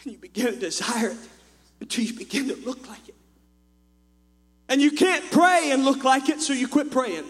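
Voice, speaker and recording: Preaching at normal speed and pausing often, a very high-voiced man moves between quiet asides and impassioned shouting in his church sermon. The echoey hall gives his voice a long reverb, with a faint electrical hum beneath it.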